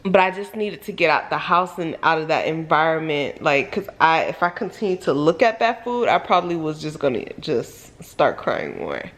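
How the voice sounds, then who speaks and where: A woman vlogger telling a personal story in a casual storytime monologue, full of "like"s and sudden high, loud exclamations. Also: moderate pace, few pauses. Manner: animated, filler-heavy retelling with many "like"s.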